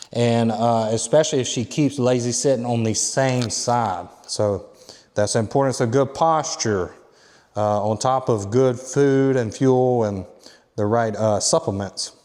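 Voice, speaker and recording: A man working as a dog trainer, explaining steps plainly and giving short, quiet commands to a dog indoors. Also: mid-range voice, big-room sound. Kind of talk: instructional training demo.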